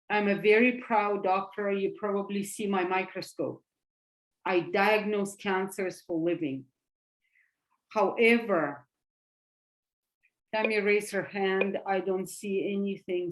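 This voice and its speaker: A woman's voice: medium pitch, darkish tone, roomy sound. A woman with a Russian accent giving an earnest online presentation as a physician, repeating her words for emphasis. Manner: slow, earnest, with emphatic repetitions.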